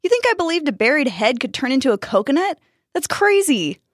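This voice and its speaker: A jittery teenage boy who barks orders to keep himself together, as a woman puts him on. His voice is pitched up and pushed hard, and it is recorded close and dry. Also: sing-song, fairly quick, no echo. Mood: tense. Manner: tense, commanding. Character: scared, bossy teenage boy in charge.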